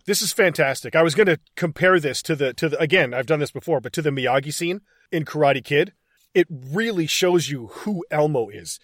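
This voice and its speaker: A man's voice: fairly high pitch, fairly quick, no echo, clean studio sound. A man hosting a casual podcast, retelling movie scenes with lots of swearing and enthusiasm. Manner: excited, profane retelling of scenes. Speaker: podcast host. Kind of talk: casual film recap chat.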